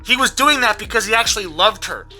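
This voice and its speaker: A vlogger in an angry, profanity-heavy rant, repeating words when worked up, with a voice going hoarse. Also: medium pitch, animated, fast, sharp tone, faint music behind. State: losing their voice. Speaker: vlogger recapping a trial.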